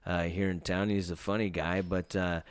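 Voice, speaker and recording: A man's voice: low-pitched, little pitch movement, moderate pace, smooth, no room sound. A man hosting a casual podcast, rambling loosely with lots of hesitations. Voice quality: rambling, lots of fillers and restarts. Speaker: podcast host.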